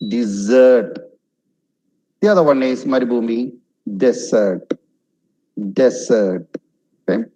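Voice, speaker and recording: A man with a Kerala English accent, slowly drilling word pronunciations one by one in an online class. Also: medium pitch, animated, dark tone, rough recording. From Kerala, India. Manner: slow, deliberate word-by-word drilling, repeating each word. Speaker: pronunciation trainer.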